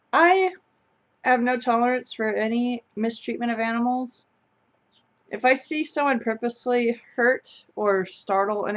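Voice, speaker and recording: A young adult woman with a fairly high voice co-hosts a live chat stream. She tells a story in a casual, animated manner, laughing along the way.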